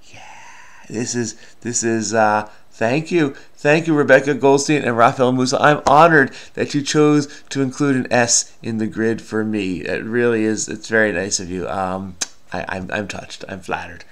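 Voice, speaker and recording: A man's voice: mid-range voice, moderate pace. Man muttering through a crossword. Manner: muttering to himself, many fillers and trailing "I don't know". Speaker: crossword solving video host. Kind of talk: casual think-aloud puzzle solving.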